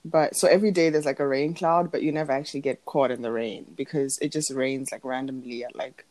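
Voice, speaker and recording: A woman's voice: extremely low pitch, steady tone, brisk, darkish tone, dry recording. A young woman co-hosting a podcast in casual chat, rambling and laughing, with a sleepy morning voice. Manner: chatty, rambling, laughs often. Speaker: podcast co-host.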